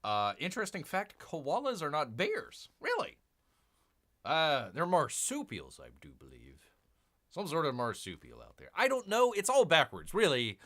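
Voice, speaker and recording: Hosting a laid-back live stream on comics, this man speaks at a moderate pace in a slightly high, fairly bright voice whose pitch swoops wildly. He stumbles through fillers and restarts, talks about himself as Bear, and repeatedly addresses the audience as "people."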